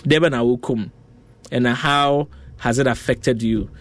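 A man's voice: mid-range voice, steady tone, fairly bright tone, no echo. Ghanaian man hosting a radio call-in. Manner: slow, deliberate reading of numbers. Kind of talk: radio call-in chat mixing English and Twi.

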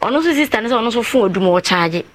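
A woman's voice: on the high side, lively intonation, rapid-fire. A woman from Ghana, a guest on a talk show telling a long personal account and acting out other people's words in quotes. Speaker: guest telling her story.

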